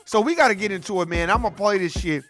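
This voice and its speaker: A man hosting an online show, giving animated, profane commentary with a sing-song delivery. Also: high-pitched, fast, soft background music. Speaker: host. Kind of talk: profane commentary on video clips.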